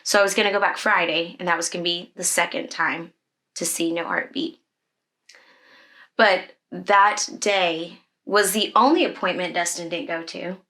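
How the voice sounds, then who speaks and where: Children's ministry leader, woman, bright forceful voice, candid emotional storyteller with lots of fillers. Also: lowish voice, steady tone, normal speed. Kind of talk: personal storytelling in a conversation.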